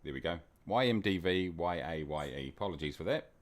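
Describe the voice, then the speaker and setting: Man, new zealand accent, low voice, swoops up high greeting viewers, jokey streamer chat. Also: lively intonation, fairly quick. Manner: jokey, greets chat viewers by name with big upward swings. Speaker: flight sim livestream host. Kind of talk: casual live-stream chat.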